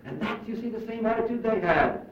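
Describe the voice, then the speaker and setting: A man preaching a sermon in an earnest, emphatic manner, slowing down to stress key phrases. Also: high voice, lively intonation. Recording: roomy, distant, muffled recording.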